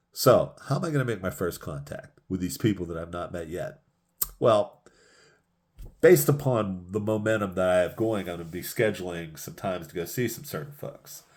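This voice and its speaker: A man giving a motivational sales lesson, emphatic and repeating key phrases for punch. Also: lowish voice. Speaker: sales trainer.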